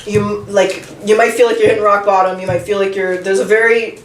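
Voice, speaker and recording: A woman's voice: medium pitch, fairly even intonation, fairly quick. A woman giving a casual tarot reading, chatty and candid, thinking aloud as she draws each card. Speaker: tarot reader. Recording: roomy, distant from the mic, faint noise.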